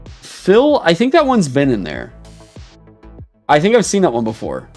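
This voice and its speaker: A young man streaming casually, reading chat aloud and reacting with animated, swear-filled mock outrage. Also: a little high, unhurried, soft background music.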